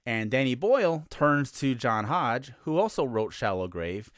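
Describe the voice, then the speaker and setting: A man's voice: mid-range voice, very animated, measured pace, no echo, clean studio sound. An American man hosting a podcast, telling the story in a casual monologue full of sarcastic asides. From United States. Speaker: podcast host.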